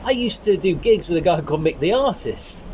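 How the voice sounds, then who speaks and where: A man, a comedian guest, chatting casually outdoors and telling stories in a lively, animated way. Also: sits high, brisk, a little hiss or hum. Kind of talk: casual chat. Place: outdoors in the sunshine.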